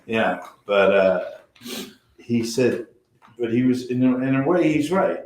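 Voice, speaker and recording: A man's voice: mid-range voice, expressive, slow pace, darkish tone, slight background noise. An older man, a guest actor, telling stories in casual chat and sometimes trailing off and restarting. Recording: echoey room.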